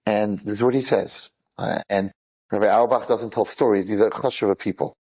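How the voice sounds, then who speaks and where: Animated man retelling dramatic stories. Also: on the low side, moderate pace, slightly rough, rough recording. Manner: animated, acts out quoted dialogue, frequent asides.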